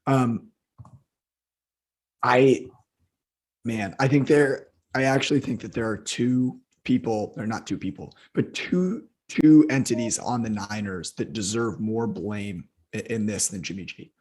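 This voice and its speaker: A hoarse man co-hosting a football podcast, ranting in heated, profane casual chat. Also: on the low side, unhurried, darkish tone. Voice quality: husky. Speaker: football analyst co-host.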